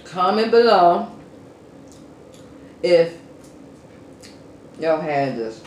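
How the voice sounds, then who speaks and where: A woman hosts her eating show from home, talking unhurried to her viewers between bites. Her pitch rises and dips freely, and soft murmurs fill the gaps. The room gives her voice an echo, with a faint hum underneath. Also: very animated. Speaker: mukbang eating show host.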